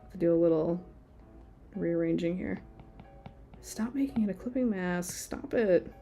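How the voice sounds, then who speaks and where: A woman's voice: on the low side, unhurried, warm tone, faint music behind. A woman in her thirties, chatting casually while she draws during a live stream. She rambles and uses a lot of filler words. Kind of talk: casual chat while drawing.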